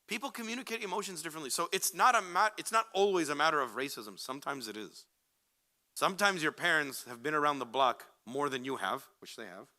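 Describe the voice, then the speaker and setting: Bright-voiced man giving lively advice. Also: a little high. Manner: animated, jokey, acts out quoted people. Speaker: Islamic speaker answering questions. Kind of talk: casual talk to a young audience.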